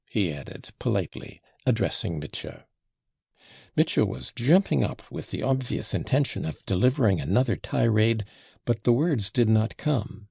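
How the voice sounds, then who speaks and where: A man narrating a classic novel as an audiobook in a lively, expressive reading. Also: sits low, normal speed, gravelly, breathy edge, dry recording, clean studio sound. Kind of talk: scripted narration.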